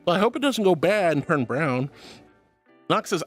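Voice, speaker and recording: A man streaming as a VTuber from home on a headset mic, reading chat aloud and answering with affectionate, playful warmth. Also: a little high, sing-song, brisk, soft background music. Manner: affectionate and playful, calls viewers sweetheart.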